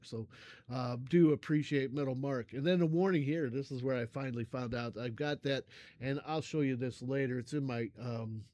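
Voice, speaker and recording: An older man hosting a music reaction channel chats casually to his viewers, rambling and halting with many fillers, effusive in his thanks, often coughing and clearing his throat. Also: mid-range voice, dry recording. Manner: effusive, warm toward viewers.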